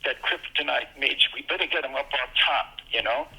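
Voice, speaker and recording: A man's voice: normal speed, a little hiss or hum, low-quality recording. An older man from Brooklyn, telling childhood stories as a guest in casual chat. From Brooklyn, New York. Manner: animated, jumps into excited high voices for quoted moments. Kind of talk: casual storytelling.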